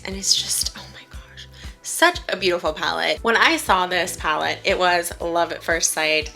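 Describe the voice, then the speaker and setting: A woman's voice: on the low side, bright, forceful tone. A woman beauty vlogger gushing enthusiastically as she reviews her favorite makeup products.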